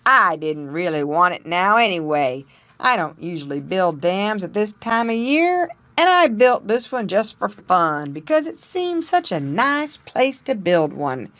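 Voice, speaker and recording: A woman voicing a friendly, easygoing male beaver in a storybook, speaking in a relaxed, kindly way. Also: medium pitch, measured pace, dry recording.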